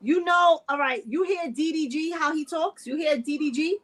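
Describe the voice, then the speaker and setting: High-voiced woman in casual chat. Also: normal speed. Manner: animated, repeats points for emphasis. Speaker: podcast co-host.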